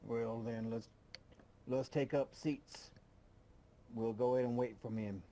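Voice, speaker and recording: A man calmly suggesting plans as a player in a tabletop game over an online call. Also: mid-range voice, slow pace, a little hiss or hum. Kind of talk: casual tabletop play.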